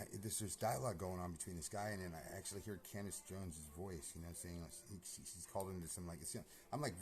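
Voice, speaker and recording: A man's voice: deep voice, a little mellow. A man telling a long, agitated personal story in a rambling monologue, full of swearing, repeated words and fillers. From California. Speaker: vlogger.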